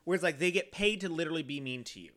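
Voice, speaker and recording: Bright-voiced young man, rambling chat. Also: fairly high pitch, very fast. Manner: rambling, swears often, lots of "like". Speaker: podcast co-host. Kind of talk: casual podcast chat.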